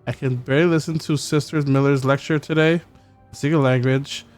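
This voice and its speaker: A man in the middle of a story game, reading its letters aloud with plenty of stumbles and restarts. Now and then he breaks off for a dry, cursing aside. Soft music plays faintly underneath. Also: medium pitch, fairly even intonation. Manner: halting reading with stumbles and wry profane asides. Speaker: gameplay streamer.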